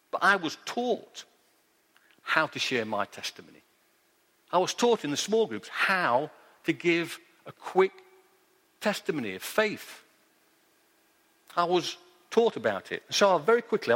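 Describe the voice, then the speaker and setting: A man's voice: on the high side, fairly bright tone. Earnest preacher man in a reverberant hall. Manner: earnest storytelling, repeats his point. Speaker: pastor. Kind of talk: sermon.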